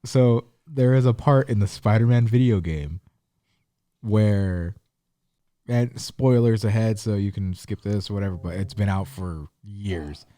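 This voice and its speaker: A man's voice: on the low side, a little slow, mellow, no echo. A man co-hosting a podcast, earnestly retelling a story in detail during casual chat. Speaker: podcast co-host.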